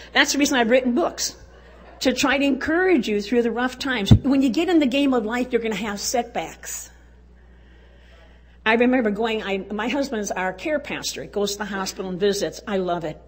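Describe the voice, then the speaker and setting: A woman's voice: a little high, moderate pace. Folksy woman storyteller at a podium. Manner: folksy, chuckles often. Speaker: women's conference speaker. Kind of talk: storytelling speech to a live audience.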